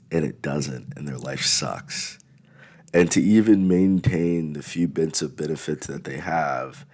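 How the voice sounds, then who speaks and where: A man's voice: extremely low pitch, a little mellow. A man in a blunt, rambling, profane casual monologue for his vlog. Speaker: vlogger.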